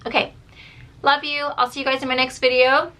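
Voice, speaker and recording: A woman's voice: high-pitched, level tone, a little fast, sharp tone. A woman in her thirties, a mom vlogging in a rambling casual chat, with a dry throat. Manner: chatty, rambling, says "like" and "dude" a lot.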